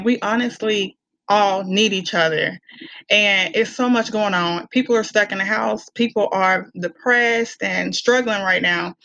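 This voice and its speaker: Southern US woman, candid podcast guest, mid pitch, slightly dull dry sound. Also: no room sound. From Arkansas, US. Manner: candid, animated, laughs often. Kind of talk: casual interview chat.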